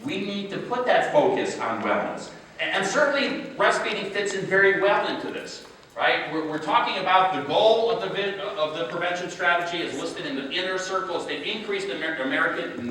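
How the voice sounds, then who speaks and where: A man giving a conference keynote as a public health official, rhetorical and emphatic, often asking the audience "right?" and slowing to stress key words. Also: high voice, animated, pushed and bright, a little hiss or hum. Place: large conference hall. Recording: echoey hall, voice from far off.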